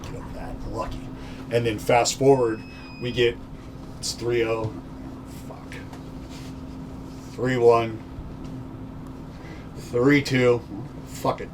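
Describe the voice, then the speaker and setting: A man's voice: medium pitch, level tone, very slow, pauses often. A man hosting a casual chat, telling a story in a laid-back way, swearing freely. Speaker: podcast host, former pitcher. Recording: far from mic with faint noise.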